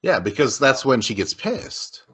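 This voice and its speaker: A man co-hosting a podcast, talking about a reality show in a relaxed, agreeable way with quick backchannels. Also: mid-range voice, slightly rough. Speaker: podcast co-host. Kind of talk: casual chat recapping a reality show.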